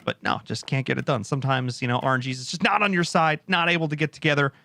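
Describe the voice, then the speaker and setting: A man's voice: a little high, fairly even intonation, fast talker, gravelly, pushed and bright, no echo. A man giving live esports commentary, jokey and rambling, full of fillers and asides. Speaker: esports caster.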